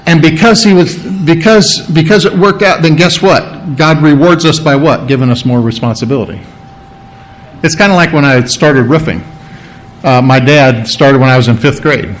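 Male pastor, slightly higher voice, loose conversational sermon delivery with rhetorical questions. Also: moderate pace, poor audio. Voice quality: clears his throat often. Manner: conversational Bible teaching with rhetorical questions and asides.

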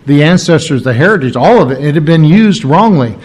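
A man preaching a sermon, teaching in a halting way and clearing his throat often. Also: on the high side. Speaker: pastor.

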